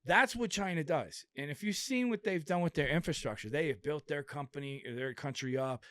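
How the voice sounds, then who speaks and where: A man's voice: a little high, a little fast, a bit bright, dry recording, clean studio sound. A man talking as a guest in casual podcast chat, blunt and profane as he rants.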